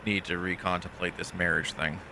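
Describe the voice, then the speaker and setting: A man with a fairly low voice chats casually through a live game stream, teasing and easygoing as he talks to viewers. A steady engine hum and background noise sit under his voice the whole time. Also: a little fast, creaky. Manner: chatty, teasing, talks to chat and off-mic family.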